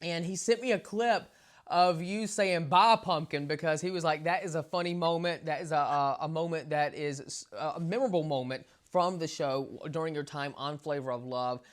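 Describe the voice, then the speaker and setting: A man's voice: on the high side, fairly even intonation, normal speed. A man hosting an entertainment interview, gushing and enthusiastic, with lots of affirming fillers. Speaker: interview host.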